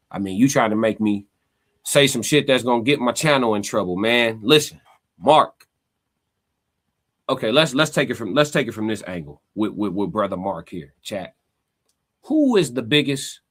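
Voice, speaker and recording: A podcast host runs a casual livestream, reading chat comments aloud and arguing back in emphatic, slangy, animated talk. His voice is fairly low.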